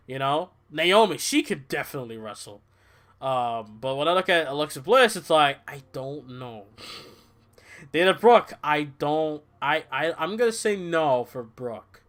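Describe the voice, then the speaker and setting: A man's voice: fairly high pitch, unhurried. A young man casually reviewing a wrestling show on a livestream, rambling, swearing and tired from little sleep. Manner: rambling, animated, swears, mimics people in quotes.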